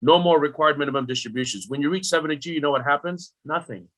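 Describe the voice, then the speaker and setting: Bright, animated middle-aged man. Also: a little high, fast talker. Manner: animated, rhetorical questions, talks directly to the listener. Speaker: retirement planning guest. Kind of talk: podcast interview explanation.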